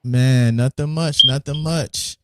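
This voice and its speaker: A man's voice: medium pitch, fairly even intonation, slow, heavy background noise. A man hosting a casual sports podcast, laid back, repeating words and restarting often. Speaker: podcast host.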